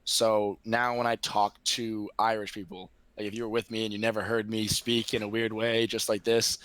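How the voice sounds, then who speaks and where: Chatty young man, low and dry. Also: flat delivery, normal speed, fairly bright tone, no echo. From Boston area, United States. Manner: chatty, loose and self-deprecating, many fillers. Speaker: interview guest, streamer. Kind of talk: casual conversation.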